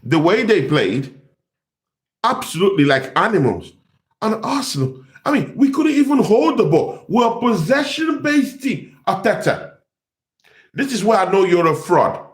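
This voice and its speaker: A man's voice: sits high, sing-song, a little slow. A young man, host of a football fan channel, ranting in exasperation and repeating himself. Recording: echoey room.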